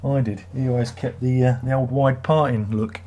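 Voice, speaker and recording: A man's voice: medium pitch, steady tone, normal speed, warm tone, a little hiss or hum. A middle-aged man hosts a livestream, chatting casually and reading viewer comments in a sarcastic, rambling way. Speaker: livestream host.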